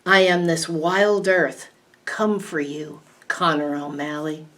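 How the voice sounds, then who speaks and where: A woman voicing an ancient towering tree monster with a booming, declaiming voice, recorded from a distant mic. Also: slow pace, a bit bright. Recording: distant mic, faint background hiss.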